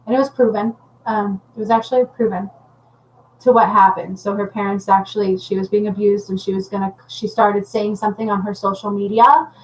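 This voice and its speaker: A woman's voice: mid-range voice, flat delivery, brisk, a little hiss or hum, low-quality recording. A woman working as a spiritual healer and medium, talking casually and intensely to viewers on a livestream, rambling and often checking in with "okay?".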